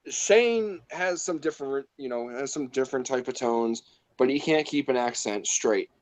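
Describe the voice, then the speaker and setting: A man's voice: mid-range voice, lively intonation, moderate pace. A man co-hosting a casual movie review chat, talking bluntly, swearing and mocking the characters he dislikes. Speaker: podcast co-host.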